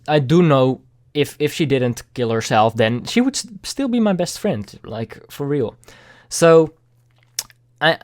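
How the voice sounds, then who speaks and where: A young man vlogging a candid personal story, halting and repeating words, with casual swearing. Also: medium pitch.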